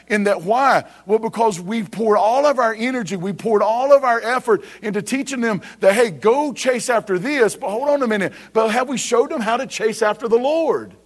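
A man in his thirties preaching as a pastor, building emphasis with rhetorical questions and casual asides. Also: high-pitched. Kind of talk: sermon.

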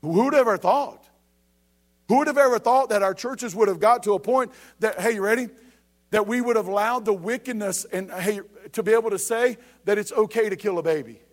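A man's voice: high voice, brisk. A man, preaching a sermon to a church and breaking in often to ask if the congregation is ready. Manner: preaching with rising emphasis and repeated calls of "you ready?". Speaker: pastor.

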